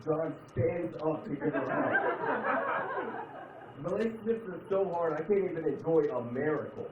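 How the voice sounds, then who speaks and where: Brief: male stand-up comic, animated, slips into voices, heard from across a roomy club, crowd laughing. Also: moderate pace. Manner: animated, jumps into loud put-on voices and drops to low mutters. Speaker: stand-up comedian. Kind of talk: stand-up comedy set with crowd work. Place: comedy club stage. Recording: echoey club, distant mic, dull sound, crowd laughter.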